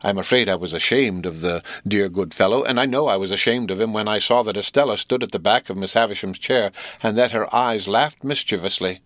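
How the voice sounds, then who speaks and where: A male audiobook narrator reading in a steady, measured way. His voice sits low. The recording is dry and close, with no room echo. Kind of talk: scripted narration.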